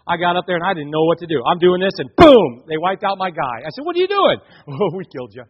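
A man's voice: fairly high pitch, fast talker, slightly rough. A middle-aged man preaching a sermon, telling family stories and acting out the voices of his kids and wife. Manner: animated storyteller, acts out his family's voices. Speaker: pastor. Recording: dull lo-fi sound in a reverberant hall.

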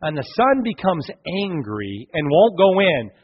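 A male pastor preaching a sermon, telling a story with passion and big swings from loud to quiet. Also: a little high, sing-song, a little slow, breathy edge. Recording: long hall reverb, dull lo-fi sound.

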